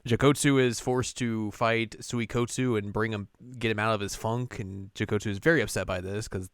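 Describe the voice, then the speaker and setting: Deadpan young man, smooth low voice. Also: normal speed, no echo, studio quality. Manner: jokey, deadpan, acts out lines. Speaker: podcast co-host. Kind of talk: casual chat recapping an episode.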